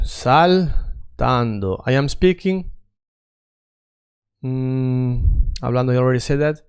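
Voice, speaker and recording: Smooth-voiced man drilling phrases. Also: medium pitch, a little mellow. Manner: repeats phrases for drilling, coaxing learners to say them along. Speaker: Spanish teacher. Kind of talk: language drill lesson.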